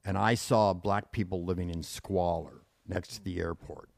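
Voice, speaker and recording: A man's voice: deep voice, normal speed, vocal fry. A man in his sixties, a podcast guest, telling stories in casual chat. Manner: animated storytelling.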